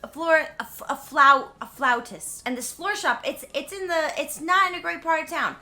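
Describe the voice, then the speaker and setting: A woman's voice: sits high, moderate pace, bright, forceful tone. A tipsy woman vlogger who gives a rambling, giggly comedic retelling and often interrupts herself.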